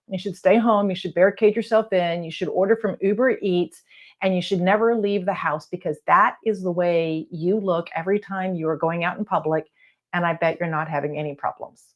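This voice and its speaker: A woman talking casually to camera from her office as a coach, blunt and encouraging, with some letters not said crisply. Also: fairly low pitch, fairly even intonation, brisk, muffled recording. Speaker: real estate video coach. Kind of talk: casual advice talk to camera. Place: home office lit by lamps.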